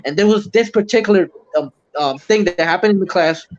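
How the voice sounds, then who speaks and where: Man, high voice, profane, heated, livestream host, muffled sound. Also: fairly quick. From Puerto Rico. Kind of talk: casual chat. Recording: muffled lo-fi stream audio.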